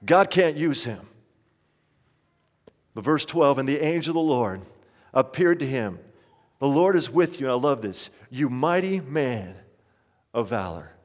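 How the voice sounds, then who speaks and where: A man's voice: medium pitch, lively intonation, measured pace, long pauses, in a large hall. A man preaching a sermon as pastor, pleading and impassioned, acting out the voices of the people in his story.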